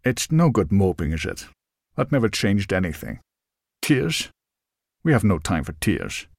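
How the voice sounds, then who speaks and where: Male narrator putting on a blunt older man, low and hushed, clipped and dry, no-nonsense. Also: very animated, measured pace, gravelly, no echo, exaggerated voice. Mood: gruff, curt. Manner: curt, dry, few words. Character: tall balding older man, blunt and gruff.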